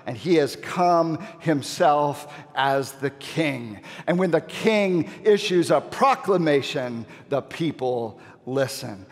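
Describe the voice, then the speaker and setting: A male pastor preaching a sermon in a large church, emphatic, with dramatic pauses and repeated key phrases. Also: a little high. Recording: long reverb of a church hall.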